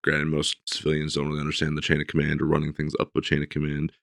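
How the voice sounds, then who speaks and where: A middle-aged man with a very deep voice, talking in loose, rambling sentences full of "you know" and restarts. Casual conversation recorded dry and up close. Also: monotone, fast, creaky, a bit bright, no echo. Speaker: podcast co-host. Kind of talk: casual chat.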